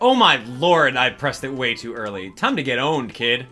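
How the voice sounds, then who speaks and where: A man giving casual, excitable gameplay commentary, thinking aloud as he plays. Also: mid-range voice, moderate pace, soft background music.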